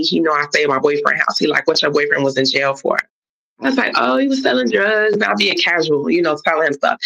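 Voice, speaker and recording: A woman tells a long personal story in a casual, animated way, jumping into other people's voices as she quotes them. Her voice has a gravelly rasp. The stream audio sounds dull and lo-fi. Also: low voice. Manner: animated retelling that acts out others' lines. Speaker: guest on a live stream.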